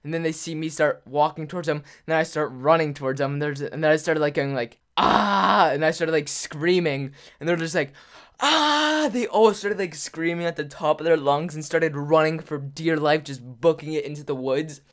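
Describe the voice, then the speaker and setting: A man's voice: a little high, fairly even intonation, a little fast, few pauses. Rambling young man telling a story. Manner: rambling, full of "like", laughs often. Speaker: YouTuber. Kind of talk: casual storytelling to camera.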